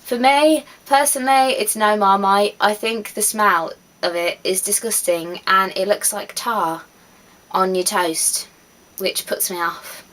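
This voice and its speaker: A woman's voice: mid-range voice, steady tone, a little slow, fairly bright tone, low-quality recording. A woman, chatting casually to camera with easy laughs and trailing asides. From West Midlands, England. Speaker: vlogger.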